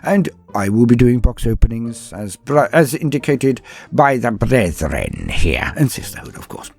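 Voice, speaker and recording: A man's voice: mid-range voice, big pitch swings, measured pace, creaky, darkish tone, husky. A British man from London hosting a casual podcast, answering patron questions in a chatty, self-deprecating way with frequent ums and asides. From London, England. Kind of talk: casual Q&A chat.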